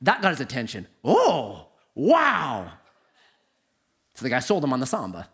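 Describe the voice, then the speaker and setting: Animated pastor with a swooping voice. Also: male voice, very fast. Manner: animated storytelling, swoops from high to low. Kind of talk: sermon.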